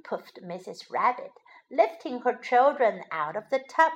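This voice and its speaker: A woman narrating a children's story in a slow, lilting, expressive way. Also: on the high side, lo-fi sound.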